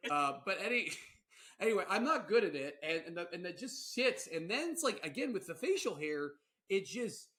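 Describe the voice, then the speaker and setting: A young man co-hosting a podcast in casual chat, animated and rambling, often laughing and restarting his sentences. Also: high-pitched, normal speed. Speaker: podcast co-host.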